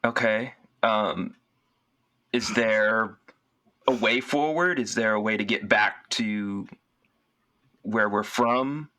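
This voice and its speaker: A man's voice: on the low side, takes it slowly, pauses often, pushed and bright. A man playing a character in a tabletop game, rambling with lots of fillers. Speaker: player. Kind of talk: in-character casual role-play.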